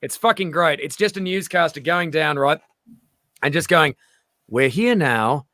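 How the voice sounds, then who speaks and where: Bright animated Australian man. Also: on the high side, measured pace, no echo, clean studio sound. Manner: animated, swearing, jumps into quoted voices. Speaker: comedian host. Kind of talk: casual comedic chat.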